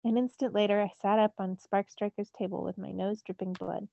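Woman teacher, storybook read-aloud, mellow warm voice, dry dull recording. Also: medium pitch, a little fast, creaky. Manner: expressive first-person narration. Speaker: teacher reading to students.

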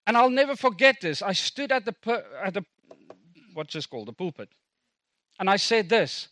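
A man's voice: high-pitched, big pitch swings, normal speed, long pauses, pushed and bright, dry recording. A middle-aged South African man, a native Afrikaans speaker, preaching a sermon as a pastor in a conversational, self-deprecating way with asides to the congregation.

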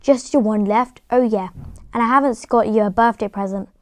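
Woman reader putting on a loud, blunt, hearty male giant for a storybook; high-ish voice, dry sound. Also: moderate pace, dry recording, lightly acted. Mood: cheerful. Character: big hearty adult male groundskeeper, blunt and kind.

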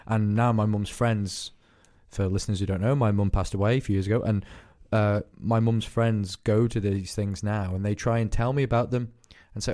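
A man's voice: fairly low pitch, steady tone, a little fast, few pauses, mellow. Sweary Scottish podcast co-host man. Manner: blunt, sweary, frequent laughter. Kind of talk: casual chat.

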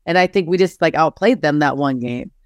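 Smooth-voiced woman coach, animated storyteller. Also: low-pitched, fairly quick, dry recording, clean studio sound. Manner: animated storytelling, frequent "like" fillers, acts out quotes. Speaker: basketball head coach, interview guest. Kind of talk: candid interview conversation.

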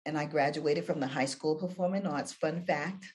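Older woman, interview guest, video call, lively inflection, drops to a hush for effect, lowish pitch. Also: fairly quick. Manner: animated, wide swings of inflection, drops to near-whisper for effect. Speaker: guest, audio-room moderator.

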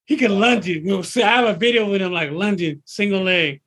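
A man in his fifties who works as a personal trainer, talking in a high voice with a husky edge. He speaks in an excitable, emphatic way and circles back to repeat his points. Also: brisk. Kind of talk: casual interview talk.

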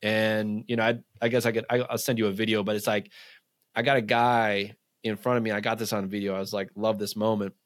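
A man, a men's coach, talking in a casual podcast conversation, telling animated stories full of "like" and acted-out quotes. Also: lowish voice, a little fast, no room sound, studio quality.

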